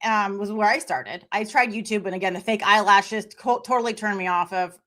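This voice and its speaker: A woman guest in casual conversation, talking in an animated way and acting out quoted voices. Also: mid-range voice, fairly quick. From Memphis, United States. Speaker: podcast guest.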